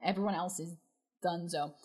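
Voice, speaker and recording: A woman's voice: lowish voice, steady tone, a little fast, darkish tone. A woman co-hosting a reaction show, casually recapping scenes with lots of fillers and quoted asides. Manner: chatty, retells scenes with quoted voices, frequent fillers. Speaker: co-host reacting to an anime episode.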